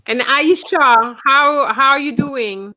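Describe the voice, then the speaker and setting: Slow, patient woman teaching French. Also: high voice, bright, forceful tone. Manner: patient, explains step by step, checks in with students. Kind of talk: online class instruction.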